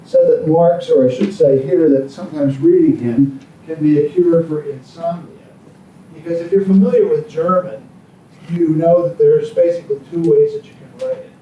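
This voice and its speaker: A man's voice: on the high side, lively intonation, unhurried, pauses often, mellow, dull audio. A man giving a political science lecture in a classroom, rambling with frequent ums and asides. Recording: echoey classroom from far off.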